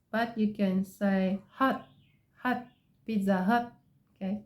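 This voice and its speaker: A woman's voice: mid-range voice, steady tone, darkish tone. A woman teaching English pronunciation in a phonics lesson, repeating example words and drawing out vowel sounds. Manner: slow and deliberate, drawing out vowel sounds with many pauses. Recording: dull, slightly lo-fi sound.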